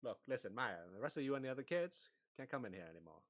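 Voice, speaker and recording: A man playing in a tabletop game, talking informally with halting restarts. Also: medium pitch, sing-song. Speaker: player. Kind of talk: tabletop game role-play.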